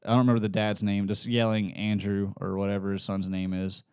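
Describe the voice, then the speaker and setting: A man's voice: lowish voice, completely flat delivery, brisk, darkish tone, clean tone, no echo, clean studio sound. A man co-hosting a podcast in casual chat, rambling and laid-back, swearing now and then. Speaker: podcast co-host.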